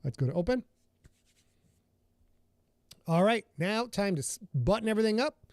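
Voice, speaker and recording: A man's voice: high-pitched, very animated, moderate pace, a little mellow, no echo, clean studio sound. Chatty man greeting his livestream viewers. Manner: rambling, greets viewers by name. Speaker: podcast host and author. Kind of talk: casual livestream chat. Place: home studio.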